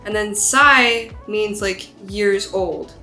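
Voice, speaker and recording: A woman's voice: mid-range voice, slow, sharp tone. A young woman in her twenties, chatting curiously in a casual language-learning vlog and laughing at herself. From United States. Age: 20s. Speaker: vlogger. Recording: roomy sound with faint background music.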